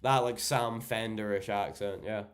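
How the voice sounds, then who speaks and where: Young Geordie streamer, lowish voice, blunt and sweary, casual chat. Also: male voice, fairly even intonation, a little slow. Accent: Geordie, northeast English. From northeast England. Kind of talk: casual livestream chat reading viewer messages.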